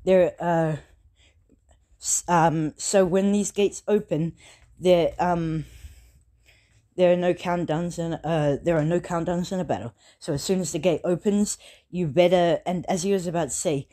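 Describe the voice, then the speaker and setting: Low-voiced woman retelling a story haltingly. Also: warm tone. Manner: halting, full of fillers and self-corrections. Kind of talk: casual retelling of a fan story.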